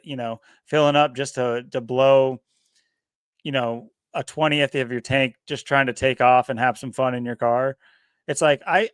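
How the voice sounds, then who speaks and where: A man co-hosting a podcast in casual chat, talking in a rambling, animated way. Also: mid-range voice, smooth, no echo, clean studio sound. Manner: rambling, animated, laughs often. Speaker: podcast co-host.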